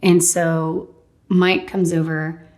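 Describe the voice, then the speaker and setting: A woman's voice: fairly low pitch, little pitch movement, takes it slowly, darkish tone. A woman in her thirties candidly telling her personal faith testimony in a conversational way, full of "like.". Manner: candid, conversational storytelling with frequent "like". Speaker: guest sharing her testimony.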